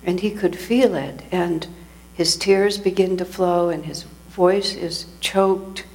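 A woman delivers a sermon as a spiritual teacher, her voice sitting a little low. She tells her story reflectively, pausing and restarting her sentences as she goes. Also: steady tone, darkish tone.

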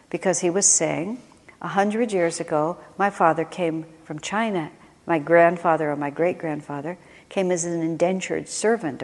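A woman with a low-leaning, slightly mellow voice leads a spiritual class as its teacher. She's American, talks reflectively and conversationally, and keeps restarting her sentences, all captured with a long hall reverb.

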